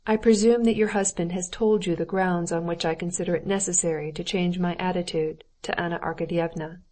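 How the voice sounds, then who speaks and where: A woman voicing a cold, stiff middle-aged husband who speaks in a measured, formal, clipped way. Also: lowish voice, steady tone, dark tone, close to an everyday voice.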